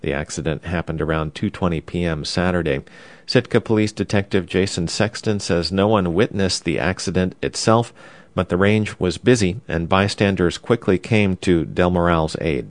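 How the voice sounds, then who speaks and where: Deep-voiced male radio newsreader. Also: no room sound. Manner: even, measured newsreader delivery. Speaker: news anchor. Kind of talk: radio news read.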